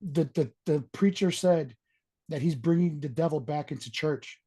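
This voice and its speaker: A man's voice: on the high side, normal speed, mellow, breathy edge. A middle-aged man co-hosting a podcast, chatting casually and laughing along with his friends. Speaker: podcast co-host. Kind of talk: casual chat.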